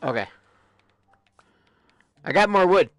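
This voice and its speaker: A man hosting a live stream, giving excitable gameplay commentary that bursts into yelps and squeals. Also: sits high, slow, dry recording, studio quality.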